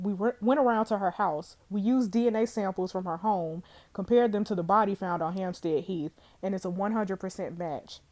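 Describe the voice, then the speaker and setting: A young woman reading a detective game's dialogue aloud, voicing all the characters in her own voice and adding quick asides. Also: medium pitch, a little mellow. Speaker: streamer playing a detective game.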